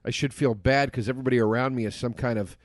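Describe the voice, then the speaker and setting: A man's voice: medium pitch, fairly even intonation, fast talker, no echo, clean studio sound. A man in a casual podcast chat, ranting passionately and swearing freely. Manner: impassioned, profane ranting.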